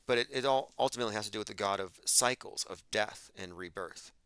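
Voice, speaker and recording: Forceful low-voiced man, dry sound. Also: fast talker, clean tone, dry recording. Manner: emphatic, argumentative monologue. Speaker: podcast host. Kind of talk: livestream commentary reading chat.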